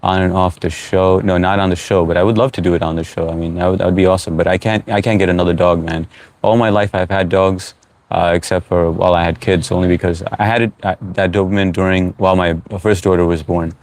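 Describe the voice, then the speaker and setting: A man's voice: low voice, fast talker, dry recording. A middle-aged man from the United States hosting a live stream, chatting casually and reading out viewer comments with frequent fillers. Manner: relaxed, reads out chat comments, frequent uh fillers. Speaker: livestream host.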